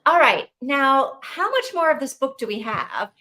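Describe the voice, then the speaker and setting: A woman's voice: high voice, sing-song, unhurried, sharp tone, slight background noise. A young woman co-hosting a book club stream, chatting casually and laughing easily.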